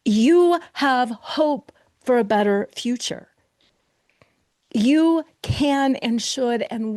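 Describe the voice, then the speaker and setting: A woman coach talks through a solo podcast in a mid-range voice, lively and expressive, jumping into quick acted-out inner voices and sinking to a whisper now and then. The sound is close and dry, with no room around it. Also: dry recording. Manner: animated, acts out inner voices with quick shifts in pitch and pace. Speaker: podcast host and betrayal recovery coach.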